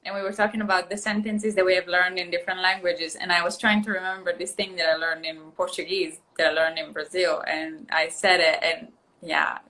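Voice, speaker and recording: Bright-voiced Italian woman. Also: lowish voice, a little fast, rough recording. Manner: laughing, animated storytelling. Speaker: actress hosting a live stream. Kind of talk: casual chat.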